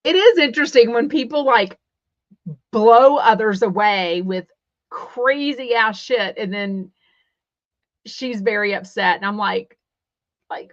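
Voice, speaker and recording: A woman's voice: fairly high pitch, a little slow, pauses often, no room sound, muffled recording. Chatty Texan woman gossip host. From Texas. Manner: chatty and opinionated, many fillers and quoted asides. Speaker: podcast host. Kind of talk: casual celebrity gossip chat, reading live comments.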